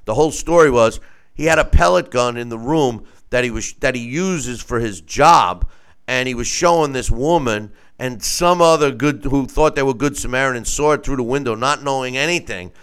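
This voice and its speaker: A man with a smooth, clear voice tells a long story in casual conversation. He rambles, stumbles over repeated words, and acts out what other people said. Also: mid-range voice, moderate pace, fairly bright tone. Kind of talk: casual call-in chat.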